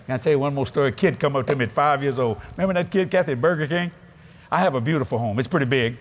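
A man's voice: mid-range voice, racing. An older man with a Cajun Louisiana accent, preaching to a convention crowd in a folksy, laughing storytelling style that acts out voices. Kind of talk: storytelling sermon. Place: large convention hall.

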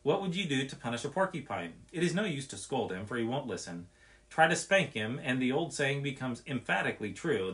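A man reading a nature story aloud in an expressive, measured way. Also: medium pitch.

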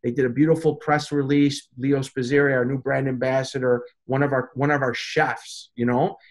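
A man's voice: medium pitch, moderate pace. A man, a pizza chef and consultant, telling stories in a casual interview and acting out the voices of people he quotes. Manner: animated, acts out quoted voices.

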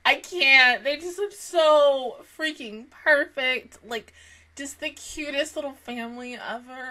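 A woman's voice: high voice, a little slow, pushed and bright. A woman reacting to an anime episode, gushing, laughing often and swearing freely in casual commentary.

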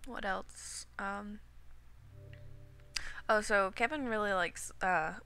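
A woman's voice: medium pitch, slow, bright, forceful tone, clean tone, faint music behind. A young woman chatting her way through a Minecraft game at home, coughing now and then after being sick, rambling and talking to herself as she plays. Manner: rambling and chatty, talks to herself while playing. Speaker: gaming video creator. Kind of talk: casual Minecraft commentary.

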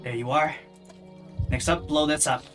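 A gamer talking to themself while playing, with dry, sarcastic asides and quiet muttering. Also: mid-range voice, normal speed, faint music behind. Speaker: let's play gamer. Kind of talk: casual gameplay commentary.

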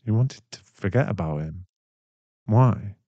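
A young man in a whispered role-play, voicing a caring, protective boyfriend who speaks softly and reassuringly, with a gravelly voice. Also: on the low side, lively intonation, no room sound, highs cut off, full character voice. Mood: soothing. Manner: soft, reassuring, slow-spoken. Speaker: ASMR voice actor.

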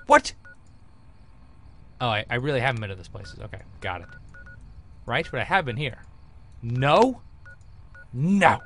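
A man's voice: medium pitch, fairly bright tone. A young man commentating his gameplay in a jokey, rambling way with frequent exclamations. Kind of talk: let's play commentary.

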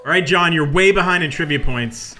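A man's voice: a little high, a little fast. A man hosting a comedic gaming trivia game, teasing the players and docking points. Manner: dry, teasing, docks points. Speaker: quizmaster host. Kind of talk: casual comedic gaming chat. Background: music.

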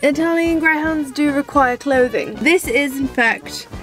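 A woman with a high voice chats playfully at a measured pace to her handheld camera, a dog-owning vlogger who swears often. She's filming in a car and outdoors in the snow, with faint music behind her.

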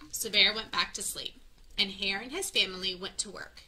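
A woman's voice: mid-range voice, moderate pace, bright, forceful tone, a little hiss or hum, rough recording. A woman reading a children's picture book aloud, stopping to add friendly teaching asides. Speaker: children's story reader.

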